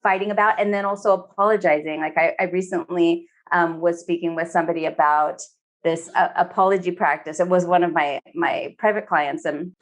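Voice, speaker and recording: A woman therapist talking in a relaxed podcast conversation, filling her speech with "you know" and slipping into quoted voices. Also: fairly low pitch, brisk. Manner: chatty, many fillers, acts out quoted speech.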